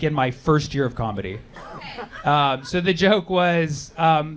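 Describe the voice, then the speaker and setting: A man doing a brash, animated stand-up set with crowd work on a comedy club stage. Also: a little high. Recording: live club recording with loud crowd. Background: audience laughter.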